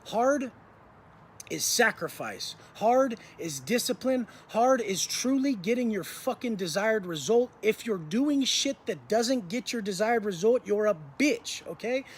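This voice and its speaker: A man's voice: high-pitched, animated, a little slow, breathy edge. A man telling a story in a blunt, intense monologue, swearing heavily as a motivational speaker.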